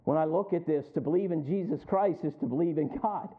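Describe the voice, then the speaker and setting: A man's voice: a little high, brisk. A male pastor preaching a sermon, rising in emphasis and calling out to the congregation for responses. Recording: tinny phone-like sound.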